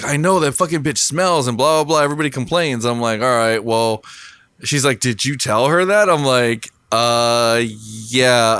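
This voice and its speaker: A man's voice: medium pitch, fairly bright tone, clear, resonant tone. A man co-hosting a podcast, chatting casually in a laid-back way and laughing often as he talks. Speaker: podcast co-host. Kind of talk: casual chat.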